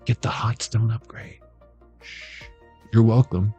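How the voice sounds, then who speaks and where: A man's voice: fairly low pitch, steady tone, slow pace, dark tone, husky, muffled recording, soft background music. A man giving a casual tarot reading, rambling and cursing as he jokes and laughs at his own lines. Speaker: tarot reader.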